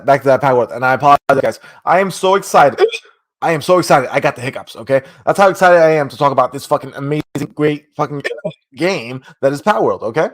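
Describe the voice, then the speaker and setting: A man co-hosting a casual gaming podcast, talking in an excitable, rambling way with frequent swearing while he has the hiccups. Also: mid-range voice. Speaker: podcast co-host.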